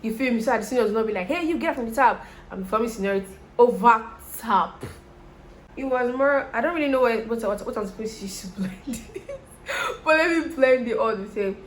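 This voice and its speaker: A young Nigerian woman vlogger with a Nigerian accent and a slightly high voice talks briskly to her viewers, telling a story while she does her make-up. She is chatty and animated, with slight background noise.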